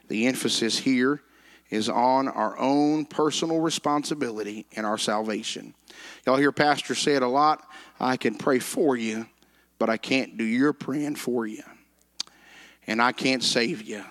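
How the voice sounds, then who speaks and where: A man teaching a Bible lesson in an earnest, measured way, slowing down on key words and quoting scripture. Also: medium pitch, steady tone, fairly bright tone.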